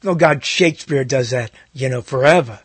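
A man's voice: mid-range voice, moderate pace, breathy edge, no room sound. A man hosting his own talk show, rambling through a casual monologue with many self-interruptions and wry asides. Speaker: host.

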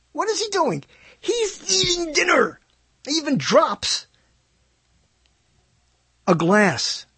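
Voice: medium pitch, slightly rough, no room sound. A solo vlogger talking in a casual, rambling monologue, digressing often and acting out quoted lines.

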